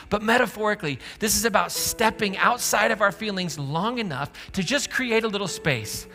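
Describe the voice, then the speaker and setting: A man's voice: on the high side, bright, forceful tone. A man preaching a sermon, conversational and joking with the congregation. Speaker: pastor. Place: church auditorium. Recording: church hall reverb with faint music.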